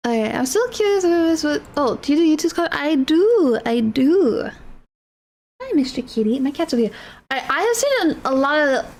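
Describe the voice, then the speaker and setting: A woman's voice: high voice, sing-song, normal speed, a little mellow. A young adult woman streaming from home, chatting casually as she reacts to videos, giggly and repeating words back with lots of trailing ums. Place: home room with her cat.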